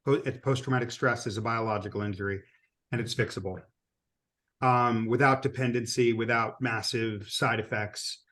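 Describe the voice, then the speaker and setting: A man's voice: mid-range voice, steady tone, normal speed, fairly bright tone. A man, an author guest on a podcast, who jokes around and then explains his point earnestly. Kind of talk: interview answers.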